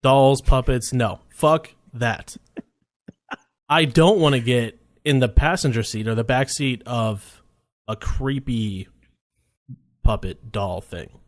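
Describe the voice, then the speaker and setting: A man's voice: mid-range voice, takes it slowly, dry recording, studio quality. Laid-back swearing podcast co-host man. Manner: laid-back, swears freely, laughs often. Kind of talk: casual chat.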